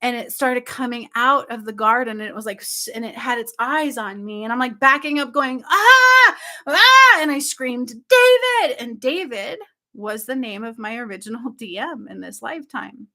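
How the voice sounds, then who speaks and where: A woman telling her viewers about a dream in casual, excited speech, often checking in with "okay?" and "like". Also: on the high side, normal speed. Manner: excited, breathless storytelling with frequent "like" and "okay?". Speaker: spiritual channel host.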